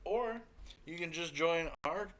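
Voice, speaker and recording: A man's voice: a little high, slow pace, fairly bright tone. A man co-hosting a casual live stream, joking and bantering playfully. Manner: playful, jokey, slips into mock accents. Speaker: co-host.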